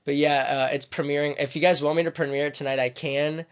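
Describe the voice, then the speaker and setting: A man's voice: fairly high pitch, little pitch movement, fast, clear, resonant tone, no room sound, studio quality. A man telling a story on a livestream, rambling casually and stopping often to restart. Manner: rambling, full of fillers and restarts.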